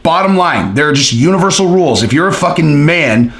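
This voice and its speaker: A man's voice: fairly high pitch, animated, fairly quick, fairly bright tone, roomy sound. Blunt, profane man ranting. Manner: blunt, profane, rambling with many fillers. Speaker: commentary host. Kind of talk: casual opinion commentary.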